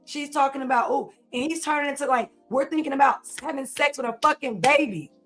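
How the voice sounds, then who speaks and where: A woman's voice: high voice, fairly quick, fairly bright tone, faint music behind. A woman co-hosting a casual livestream with her partner, blunt and indignant. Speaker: co-host, host's partner. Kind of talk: casual stream chat.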